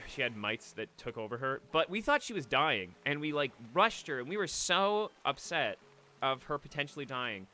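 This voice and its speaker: On a late-night game stream, a young man rambles emotionally about a lost pet, sometimes choking up, restarting, and swearing. His medium-pitched voice has a sharp tone, with a little hiss or hum.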